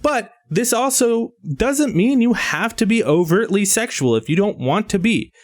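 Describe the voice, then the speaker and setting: A male podcast co-host with a fairly high voice that swings up and down a lot as he chats. He sounds laid-back and self-deprecating, and the recording is dry and close. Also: expressive, normal speed, no room sound. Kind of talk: casual podcast chat.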